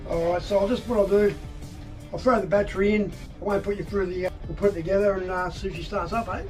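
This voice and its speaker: A man's voice: high-pitched, steady tone, fast, faint music behind, poor audio. An Australian man in a casual, matey vlog, talking straight to his viewers while working on a motorbike. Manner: chatty, matey, addresses viewers directly. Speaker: vlogger.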